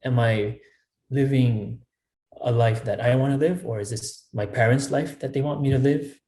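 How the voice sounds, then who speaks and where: A man's voice: mid-range voice, moderate pace, mellow. A man guesting on a podcast, giving earnest advice and often repeating himself with "you know" asides. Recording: echoey room.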